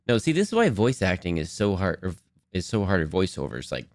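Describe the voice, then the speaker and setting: A man's voice: deep voice, big pitch swings, fairly quick, a little mellow, dry recording, studio quality. A man chatting casually with viewers on a live stream, laughing often, his voice a little worn from talking.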